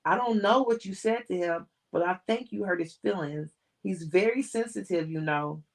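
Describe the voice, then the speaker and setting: A woman's voice: lowish voice, normal speed, close to an everyday voice, poor audio. A woman reading the lines of a blunt young singer who pushes back against her fiancé. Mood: weary. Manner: blunt and challenging.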